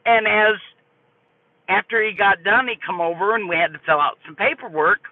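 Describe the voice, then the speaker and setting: An older woman streaming live, telling a story to her chat in an animated, folksy way. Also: mid-range voice, normal speed, dry recording. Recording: tinny phone-like dry audio.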